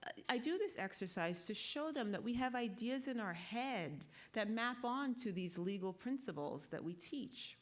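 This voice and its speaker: A woman with a low-pitched voice gives a conference panel talk as a law professor. She lectures in an easy, conversational way and keeps checking in with the audience through quick tag questions. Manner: walks the audience through a guided exercise.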